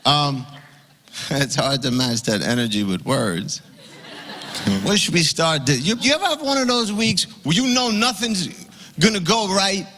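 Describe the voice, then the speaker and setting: A man doing a stand-up comedy set on stage, ranting and swearing, and getting loud on his punchlines. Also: a little high, lively intonation, unhurried, long reverb tail. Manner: ranting, profane, rising to shouts on punchlines.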